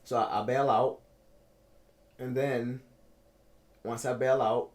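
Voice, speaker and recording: Animated man in his thirties. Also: takes it slowly. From Baltimore, United States. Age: 30s. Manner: animated, repeats himself, builds to emphatic highs. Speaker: podcast host telling his own story. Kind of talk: casual storytelling interview.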